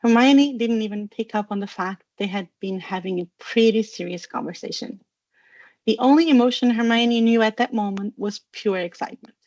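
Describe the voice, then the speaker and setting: A woman's voice: on the high side, moderate pace, darkish tone, dry recording. Woman reading a storybook aloud. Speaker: narrator. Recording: dull, dry narration recording.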